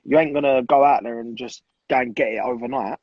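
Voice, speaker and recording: Twenties, husky and blunt, swears freely; dull dry sound. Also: male voice, mid-range voice, fairly even intonation, brisk, no echo. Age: 20s. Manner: blunt, swears a lot, repeats for emphasis. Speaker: guest. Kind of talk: casual chat.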